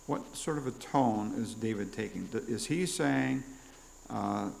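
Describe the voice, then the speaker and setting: A man's voice: on the low side, unhurried, creaky, slight background noise, rough recording. A man preaching a sermon as pastor, teaching through questions and acting out quoted prayers. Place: church.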